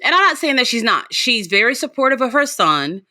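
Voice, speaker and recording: Lively woman guest, wry recap chat. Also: a little high, fairly quick, no echo, clean studio sound. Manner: wry, laughing commentary. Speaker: podcast guest. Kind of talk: casual reality TV recap chat.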